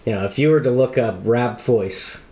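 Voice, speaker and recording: A man hosting a casual interview, agreeable and quick to affirm. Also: mid-range voice, mellow, echoey room. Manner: agreeable, constant short affirmations. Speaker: podcast host.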